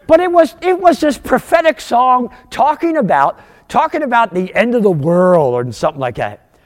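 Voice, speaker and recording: A man in his sixties from outside Philadelphia, telling his conversion story as a sermon testimony, with animated, storytelling delivery. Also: normal speed, big-room sound. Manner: animated storytelling, wide pitch swings, rising for punchlines. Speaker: guest speaker giving testimony.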